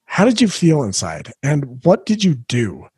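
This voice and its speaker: A man's voice: medium pitch, huge pitch swings, measured pace, a little mellow, husky, no room sound. A middle-aged man hosting a solo parenting podcast, talking earnestly and reflectively as he coaches the listener.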